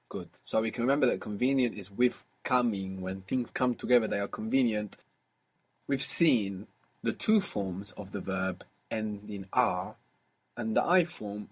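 Husky low-voiced man teaching a language. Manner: patient, prompting questions, repeats answers. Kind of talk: guided audio language lesson.

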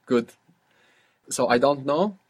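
Male language teacher, slightly husky, patient, quizzes a learner and repeats answers back. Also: mid-range voice, lively intonation, slow pace. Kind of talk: guided spoken lesson.

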